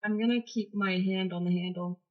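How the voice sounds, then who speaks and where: Soft-voiced woman player on a dull mic. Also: mid-range voice, fairly even intonation, fairly quick. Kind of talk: tabletop role-play.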